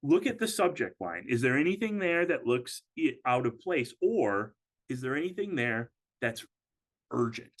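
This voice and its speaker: A man of middle pitch presents a webinar as a financial advisor. He talks casually and conversationally, often pausing on fillers and restarting his sentences. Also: big pitch swings.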